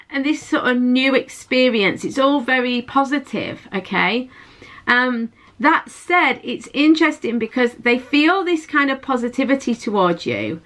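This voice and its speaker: A woman's voice: a little high, sharp tone. A woman giving a chatty, intuitive tarot reading to her viewers, often repeating and restarting her phrases. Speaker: tarot reader.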